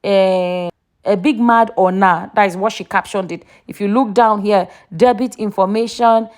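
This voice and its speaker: A woman's voice: medium pitch, steady tone, moderate pace, a little mellow. A woman, chatting casually in a gossip vlog and reading posts aloud with a lifted voice. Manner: chatty, reads quotes aloud in a raised voice. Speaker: vlogger reading out social media posts.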